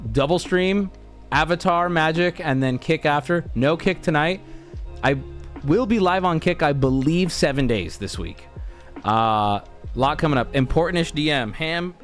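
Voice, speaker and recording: A man's voice: on the high side, lively intonation, normal speed, faint music behind. An American man in casual stream chat, talking in a rambling, laid-back way. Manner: rambling, laid-back, often restarts and laughs mid-sentence.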